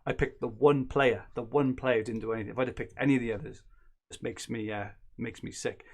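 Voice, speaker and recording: A man's voice: mid-range voice, fairly even intonation, a little fast, gravelly, darkish tone. Rambling, joking podcast man. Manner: rambling, self-correcting, joking. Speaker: podcast co-host. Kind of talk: casual banter.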